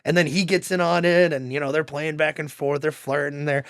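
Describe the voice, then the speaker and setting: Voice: medium pitch, a little fast, hardly any pauses, dry recording, clean studio sound. A podcast co-host in casual chat, laughing often and acting out quoted lines in playful voices.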